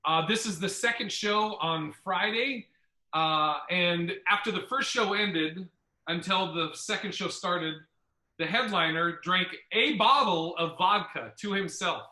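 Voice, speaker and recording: A man hosting a podcast, telling a comedy club story in a casual, profane, animated way. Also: sits high, unhurried, reverberant, rough recording.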